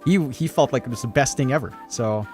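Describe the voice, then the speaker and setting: A man's voice: mid-range voice, a little mellow, faint music behind. A man from the Philippines casting an esports match, teasing and joking between draft calls. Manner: playful, teasing, quick to laugh. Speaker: esports caster.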